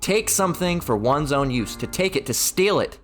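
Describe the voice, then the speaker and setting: A man's voice: a little high, expressive, normal speed, a bit bright, faint music behind. A man hosting a religious commentary video, ranting heatedly and repetitively, swearing and reading passages aloud.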